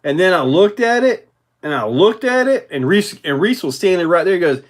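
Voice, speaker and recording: Male livestream host, pitched a bit high, easygoing and rambling, talks through viewer comments. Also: fairly quick. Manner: rambling, relaxed, many fillers. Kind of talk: casual livestream chat reading viewer comments.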